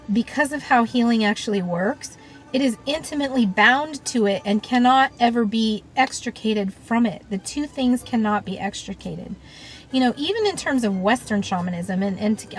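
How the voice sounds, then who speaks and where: A woman talks in a reflective, unscripted monologue. Her voice sits a little high. She is earnest and thoughtful, filling pauses with "you know" and "um", while soft music plays faintly behind her. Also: poor audio. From United States. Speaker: shamanic practitioner and teacher.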